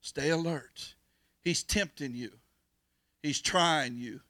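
A male pastor preaching a fervent sermon, swinging between shouted calls and hushed pleas, with folksy stories. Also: on the high side, takes it slowly, no room sound. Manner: folksy storytelling with laughs.

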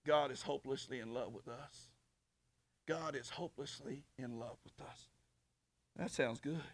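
A man preaching a sermon as pastor in a church, emphatic, swinging from soft talk to shouting. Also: mid-range voice, normal speed.

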